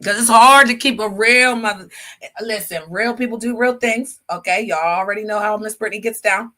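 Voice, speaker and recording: Sassy woman livestreamer, bright voice. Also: mid-range voice, normal speed. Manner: sassy and emphatic, says "honey" often; talks straight to her chat. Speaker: livestream host. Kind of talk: casual livestream monologue with preaching.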